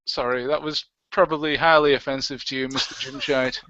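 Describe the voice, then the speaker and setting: A man's voice: medium pitch, steady tone, fairly quick, sharp tone, slight background noise. A man co-hosting a livestream, chatting casually and jokily and reading out viewer comments. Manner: jokey, chatty, reads out comments. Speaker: livestream co-host. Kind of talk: casual chat. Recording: dull, lo-fi stream audio.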